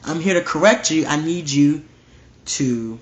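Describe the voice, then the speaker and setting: A man with a fairly high voice walks through scripture in a casual, emphatic way, repeating his points over and over. The sound is roomy and a bit dull, as if recorded in a lo-fi setup. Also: lively intonation, a little slow. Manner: emphatic and repetitive, reading scripture aloud. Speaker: Bible teacher. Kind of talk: casual verse-by-verse Bible study.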